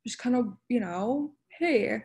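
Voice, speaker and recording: A woman's voice: mid-range voice, moderate pace, darkish tone. A young woman on a student podcast, reflectively recounting a personal change of view with frequent fillers. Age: young adult. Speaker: student panelist. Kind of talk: casual podcast discussion.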